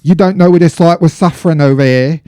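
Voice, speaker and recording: A man putting on a bad mock British accent to play a whiny British person moaning about the heat, loud and exaggerated. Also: a little high, quick pace, clear, resonant tone, no echo, clean studio sound, close to an everyday voice. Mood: whining.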